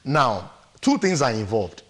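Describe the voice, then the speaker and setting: A studio guest counsellor with a Nigerian English accent gives emphatic relationship advice on a talk show. His medium-pitched voice is sing-song and fairly bright, his pace measured, and he acts out quotes and laughs often.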